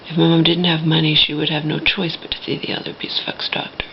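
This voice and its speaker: A woman's voice: low voice, little pitch movement, fairly quick, vocal fry, muffled recording, a little hiss or hum. A woman ranting to her viewers in an indignant, mocking way, swearing and talking straight to the people watching. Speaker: vlogger. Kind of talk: angry personal rant to camera.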